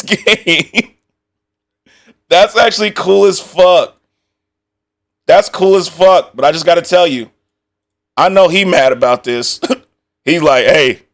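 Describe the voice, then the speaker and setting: A man streaming and reacting in a casual, excitable way, with a voice pitched a bit high for a man. He talks slowly and drawn out, swears freely, laughs often and slips into quick mock dialogue. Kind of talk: casual live-stream commentary.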